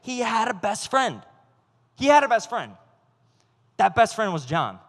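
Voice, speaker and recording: High-voiced young youth pastor, playful. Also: male voice, big pitch swings, a little slow, fairly bright tone. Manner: casual, playful, acts out quotes. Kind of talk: youth sermon. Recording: long hall reverb.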